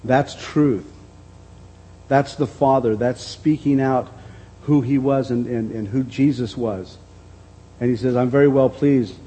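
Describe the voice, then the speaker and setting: A man with a mellow, dark, slightly husky voice preaching a sermon. He reads scripture aloud and explains it at an unhurried pace. He often doubles back on his words as he goes. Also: medium pitch, fairly even intonation, low-quality recording. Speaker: pastor.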